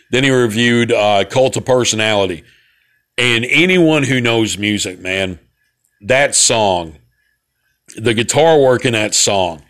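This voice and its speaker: A man's voice: on the low side, fairly bright tone. A man in his forties with a central Alabama Southern accent, talking in a casual, rambling monologue as host of his own broadcast, folksy and digressive. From Southern United States. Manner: laid-back, folksy, digressive with many fillers.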